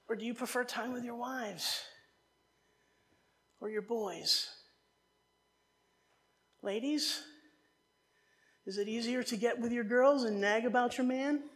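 A woman from New Jersey gives a sermon in a chatty, animated way. She wanders into humorous side stories and then finds her way back to the text. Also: fairly high pitch. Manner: animated, conversational, digressive with humor. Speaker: preacher.

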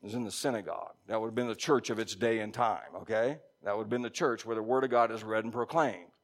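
Man preaching with emphatic swings. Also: quick pace. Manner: emphatic, swinging between loud stresses and low quiet drops; conversational asides to the congregation. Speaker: pastor. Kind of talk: sermon.

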